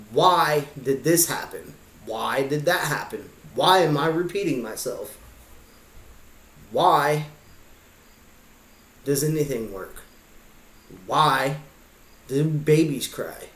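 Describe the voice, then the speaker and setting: A man's voice: medium pitch, fairly bright tone. A man vlogging a pondering monologue of rhetorical questions. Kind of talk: musing monologue. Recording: echoey room.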